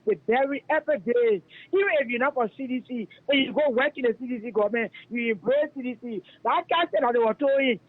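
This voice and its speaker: A man with a Liberian English accent rants fiercely over a tinny phone line, his voice pitched unusually high for a man. He calls in to a radio show and hammers the same accusations again and again. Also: fast, few pauses. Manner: fiery, denouncing, repetitive. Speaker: radio caller. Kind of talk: heated call-in rant.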